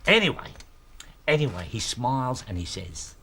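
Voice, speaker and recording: A man's voice: mid-range voice, very animated, normal speed, vocal fry, sharp tone, breathy edge, exaggerated voice. An actor in his sixties with an Australian accent, playing a retired working-class husband who tells long jokes, rambling and fumbling for words. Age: 60s. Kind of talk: scripted TV sitcom acting.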